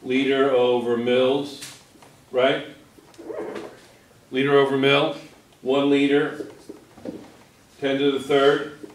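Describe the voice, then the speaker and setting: Slow-talking teacher man in an echoey classroom. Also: mid-range voice, flat delivery, a little hiss or hum. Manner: coaxing, asks rapid questions to the class. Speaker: chemistry teacher. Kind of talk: classroom review lesson.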